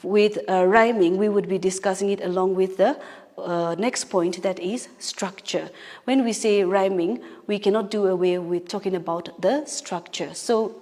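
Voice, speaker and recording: A woman's voice: medium pitch, steady tone, moderate pace, a little mellow. A woman teacher giving a patient poetry lesson, explaining step by step and correcting herself as she goes. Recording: long reverb.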